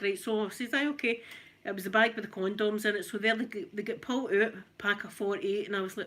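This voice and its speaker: A woman's voice: on the high side, a little fast. Chatty Scottish woman telling stories. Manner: chatty, animated, laughs often. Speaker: ASMR channel host. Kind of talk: casual storytelling while ironing.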